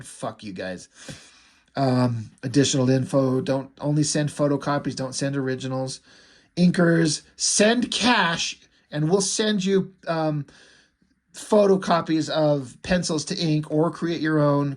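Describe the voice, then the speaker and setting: A man reviewing a comic in a casual, profane rant, mocking what he reads. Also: on the high side. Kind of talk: casual ranting commentary.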